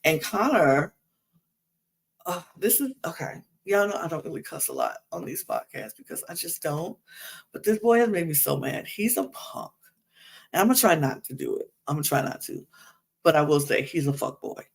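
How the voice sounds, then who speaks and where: A woman hosting a podcast, recapping a reality show in an animated, exasperated rant full of asides. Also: deep voice, moderate pace, creaky, husky. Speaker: podcast host.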